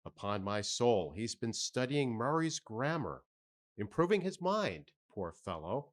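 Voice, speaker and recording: A man's voice: mid-range voice, very animated, measured pace. A man reading as a folksy, jovial sailor. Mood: musing. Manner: musing aloud, folksy asides. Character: jovial, folksy male sailor, middle-aged.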